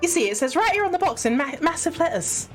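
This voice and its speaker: A woman's voice: extremely high pitch, very animated, quick pace, soft background music, pitched above the performer's own voice. A woman voicing a bubbly young female assistant with a put-on Yorkshire accent and blunt northern slang. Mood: excited.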